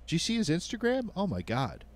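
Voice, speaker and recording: A man's voice: sits high, wildly swooping pitch, fairly quick. A man with a Delaware County accent co-hosting a casual podcast chat, rambling with lots of fillers. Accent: Delaware County Pennsylvania. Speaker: podcast co-host.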